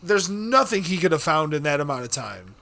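A young man with a high, sharp, forceful voice recounts a story in casual podcast chat. He swears constantly, speeds up and slows down, and breaks into shouts when reenacting the scene. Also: gravelly. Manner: profane, animated, bursts into shouting when reenacting.

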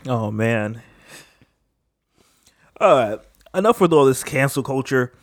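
A man's voice: mid-range voice, animated, takes it slowly, dry recording, clean studio sound. A young man hosting a casual podcast, laid-back, laughing often and stumbling when he reads aloud. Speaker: podcast host.

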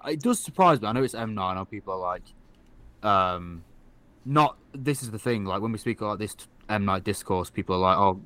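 A man's voice: fairly low pitch, fairly bright tone. A man co-hosting a podcast, chatting casually, hedging his points and handing over to others. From not American. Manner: chatty, hedging, passes the mic. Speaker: podcast co-host. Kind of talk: casual chat.

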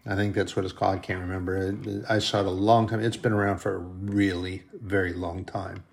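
A man's voice: sits low, flat delivery, a little fast, gravelly, slight background noise. A man preaching a sermon as a pastor, earnest and fond of repeating phrases for emphasis. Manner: earnest, repetitive preaching cadence.

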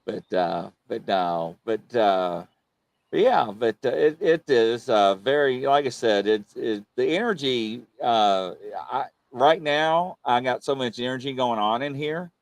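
A man's voice: medium pitch, expressive, measured pace, no room sound. A man with a Birmingham accent hosting a casual livestream chat, rambling and repeating himself often. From England. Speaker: host.

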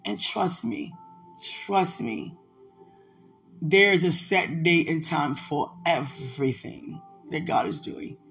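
A woman in a casual spiritual vlog, speaking emotionally and prayerfully, tenderly addressing unseen listeners. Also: low-pitched.

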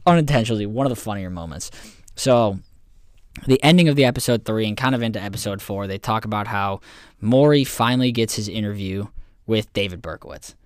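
A man's voice: fairly low pitch, a little fast, clean tone, no echo, studio quality. A man co-hosting a podcast, casually recapping a documentary in a rambling way, swearing and laughing often. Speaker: podcast co-host.

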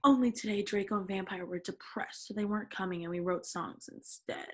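A woman's voice: medium pitch, a little fast, a little mellow, slightly rough. A young woman co-hosting a casual chat, reading fan fiction aloud with blunt, profane, mocking commentary.

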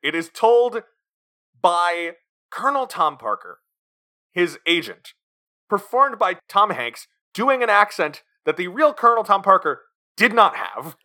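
A man co-hosting a film review podcast, his voice bright and slightly high. He talks in a lively, swooping way and acts out scenes as he goes. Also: unhurried. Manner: animated, quotes scenes in put-on voices. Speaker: podcast co-host. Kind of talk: casual film review chat.

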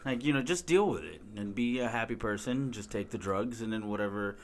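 A man's voice: on the low side, animated, brisk, slight background noise. A man co-hosting a podcast, chatting casually with dry joking asides. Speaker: podcast co-host. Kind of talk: casual banter.

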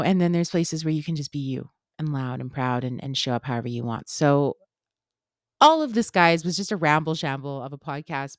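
A woman in her thirties with a low voice hosts her own podcast, swearing freely as she builds a fired-up pep talk. The sound is dry and close, with no room echo. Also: a little mellow. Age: 30s. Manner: blunt, profane, impassioned pep talk. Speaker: podcast host. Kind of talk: solo podcast monologue.

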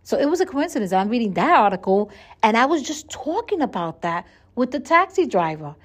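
A woman's voice: on the high side, sing-song, brisk. Chatty woman hosting a solo podcast. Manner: chatty and earnest, with frequent restarts and repeated words. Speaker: podcast host. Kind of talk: casual solo podcast monologue.

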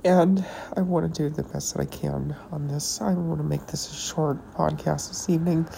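A woman hosting a podcast, talking in a rambling, halting personal monologue while tearful and emotional. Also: low voice, fairly even intonation, creaky, dark tone, slight background noise, rough recording. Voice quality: halting, hesitant delivery with pauses. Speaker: podcast host.

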